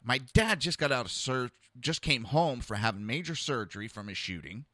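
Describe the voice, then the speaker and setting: A man's voice: medium pitch, lively intonation, normal speed, pushed and bright, no room sound, clean studio sound. A man hosting a podcast, telling a personal story in a heated, rambling, blunt way. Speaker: podcast host.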